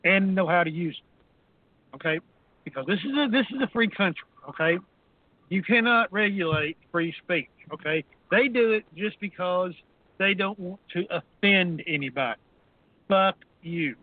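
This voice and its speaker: A man's voice: sits high, normal speed, dry recording. A man in his fifties on a call-in show, ranting crudely and combatively, with "okay" tacked onto nearly every line. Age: 50s. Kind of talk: profane ranting talk radio. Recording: phone-line audio.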